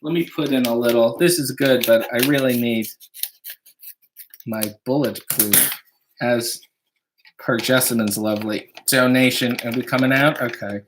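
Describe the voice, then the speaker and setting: A man's voice: mid-range voice, steady tone, a little slow, noisy background. A man hosting a casual livestream from his home kitchen, reading viewer donations and tossing off dry, wry jokes while making coffee. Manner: wry, dry joking asides.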